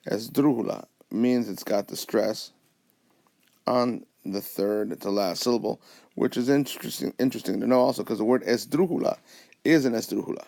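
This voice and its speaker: A man's voice: mid-range voice, normal speed, creaky, darkish tone. A man teaching a recorded whiteboard lesson, explaining patiently step by step and often checking in with "okay?". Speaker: Spanish teacher. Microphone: tablet recording.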